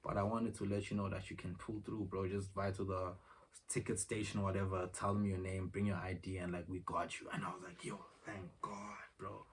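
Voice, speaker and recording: Filming himself on his phone in a room at home, a young man spins a slangy, wandering vlog story, replaying exchanges as dialogue. He speaks a little fast with a low-pitched, flat delivery, and the distant phone mic catches faint noise.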